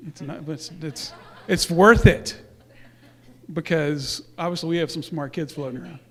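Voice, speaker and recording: A man's voice: on the high side, normal speed, fairly bright tone. A man speaking casually to a church congregation, presenting youth awards in a rambling way with fillers and self-corrections.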